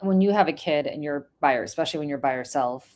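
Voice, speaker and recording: Middle-aged New woman host, lowish voice, earnest storytelling, repeats herself for emphasis. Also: fast, darkish tone. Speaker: podcast host. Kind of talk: casual chat.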